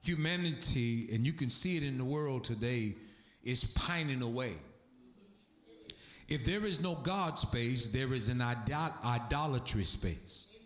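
A man preaching a sermon, animated, his voice climbing high as he gets excited. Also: a little slow. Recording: echoey room.

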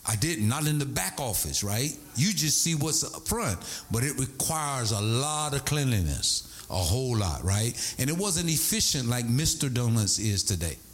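A man's voice: mid-range voice, big pitch swings, normal speed, hardly any pauses. A middle-aged man preaching a sermon, telling stories with sing-song swells and asides. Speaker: pastor.

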